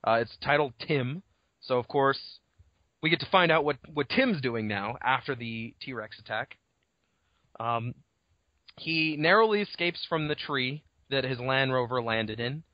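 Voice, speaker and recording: A man on a podcast rambles through a chapter summary, swearing freely and slipping into the characters' voices. His voice sits at a middle pitch. The sound is dull and lo-fi, dry with no room echo. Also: lively intonation, unhurried. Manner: rambling recap, swearing, acts out characters' lines. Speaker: podcast co-host. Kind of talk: casual chat summarizing a novel chapter. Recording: dull lo-fi home recording.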